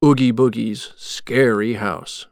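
A man reading a storybook chapter aloud in a slow, measured, clear way. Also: mid-range voice, fairly even intonation, a little mellow, no echo, studio quality. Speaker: narrator.

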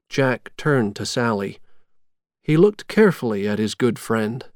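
A storyteller reading a storybook aloud in a slow, clear, expressive way. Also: mid-range voice, no echo, studio quality. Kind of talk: scripted storybook narration.

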